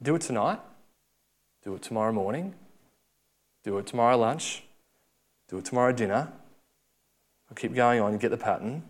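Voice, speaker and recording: A man's voice: medium pitch, normal speed, long pauses. Aussie guy preaching to a youth crowd, chatty storyteller, voice swoops up and down. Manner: lively, conversational storytelling with acted-out quotes. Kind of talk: sermon.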